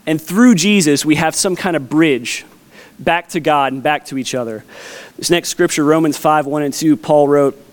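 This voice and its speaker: A man's voice: a little high, moderate pace. A man in his thirties, a pastor preaching a conversational sermon with a folksy, storytelling manner. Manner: folksy, storytelling with family anecdotes.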